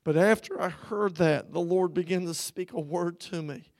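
A man with a high voice and a darkish tone preaches an emotional personal testimony. He halts and repeats words, growing more earnest and intense as he goes.

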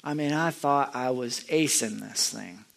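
A young man sharing a personal testimony, earnest and halting, often restarting his sentences and climbing high and loud when he gets stirred up. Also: gravelly. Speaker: lay speaker sharing a testimony.

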